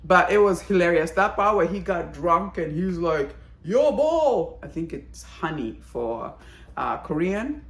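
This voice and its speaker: A woman giving a casual, chatty video review of a drama, talking in an animated, exclaiming way. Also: lowish voice, unhurried, echoey room.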